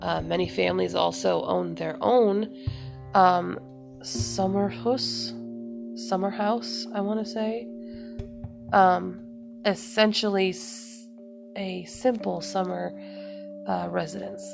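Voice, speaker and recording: A woman hosting a podcast, reading notes aloud with casual asides, halting with many ums and self-corrections. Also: on the low side, fairly even intonation, vocal fry, music in the background. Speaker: podcast host.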